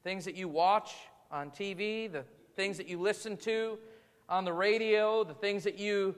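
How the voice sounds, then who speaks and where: Male pastor with a high voice, preaching conversationally, with lingering reverb from a large room. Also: measured pace. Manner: conversational preaching with rhetorical questions. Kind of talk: sermon. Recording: long reverb of a large hall.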